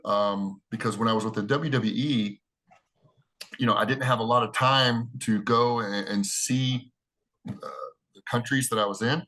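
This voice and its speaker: A man's voice: medium pitch, fairly even intonation, normal speed, bright, forceful tone. A middle-aged American man, a wrestler, answering interview questions in a rambling way with many restarts and "you know"s. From United States.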